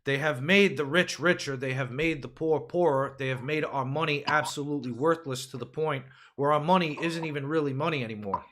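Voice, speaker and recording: A man's voice: a little high, a little fast, few pauses, fairly bright tone. Profane ranting male podcast host. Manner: ranting, profane, conspiratorial, rhetorical questions. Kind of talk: casual political podcast rant.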